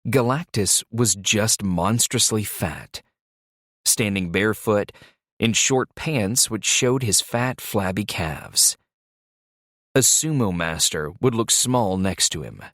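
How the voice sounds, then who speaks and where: A man reading a thriller audiobook in a slow, measured storytelling voice. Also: lowish voice, fairly bright tone, no room sound, clean studio sound. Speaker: audiobook narrator. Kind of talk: scripted narration.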